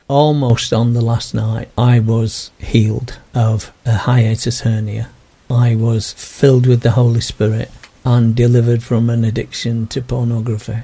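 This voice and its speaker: An older man, telling his personal story in an interview in a gentle, earnest way. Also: mid-range voice, breathy edge. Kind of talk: reflective personal testimony.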